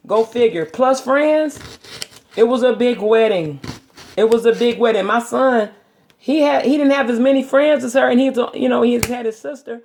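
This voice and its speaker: A woman's voice: fairly high pitch, moderate pace, darkish tone, slight background noise. A middle-aged woman vlogging from her home kitchen, telling rambling stories in a chatty, casual way. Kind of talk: casual chat.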